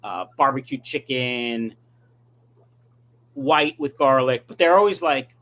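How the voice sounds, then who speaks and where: A middle-aged fish-breeding YouTuber goes through his live chat, reading comments aloud and answering in a rambling, casual manner. His voice is medium-pitched, expressive and fairly bright, at a moderate pace.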